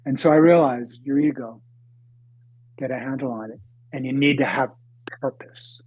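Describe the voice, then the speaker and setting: A husky older man in his seventies tells a story as a podcast guest, halting and dramatic, dropping to a hush and then pushing loud. The recording is dry and a bit dull, like a lo-fi setup. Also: a little high, animated, no echo. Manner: halting, dramatic, with swings between loud and hushed.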